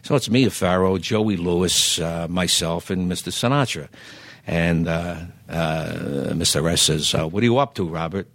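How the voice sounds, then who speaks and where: An older man, a singer guest telling lively anecdotes in casual chat, stammering on restarts and acting out other people's lines. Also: sits low, normal speed, no echo. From Philadelphia. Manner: animated anecdotes, acts out quoted voices, stammers restarts.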